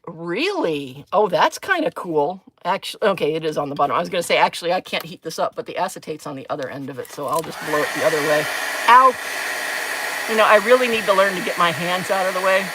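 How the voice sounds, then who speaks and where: A chatty woman talks through her crafting on a live stream, with a bright, sharp-edged tone. She giggles often and drifts between thinking aloud and answering her viewers' comments, all at an easy, casual pace from her craft desk. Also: fairly low pitch.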